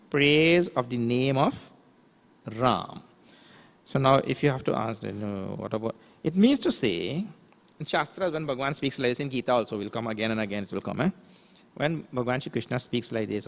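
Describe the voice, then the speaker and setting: A man's voice: mid-range voice, gravelly. A man, a swami, giving a spiritual lecture, explaining scripture terms and asking rhetorical questions. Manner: recites verses in a slow chant. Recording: long hall reverb.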